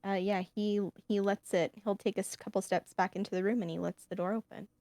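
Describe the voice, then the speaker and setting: A woman's voice: medium pitch, steady tone, fairly quick, a little mellow, no echo. A woman playing in a tabletop role-play game, describing her character's actions with many hesitations. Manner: hesitant, filler-heavy. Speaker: player.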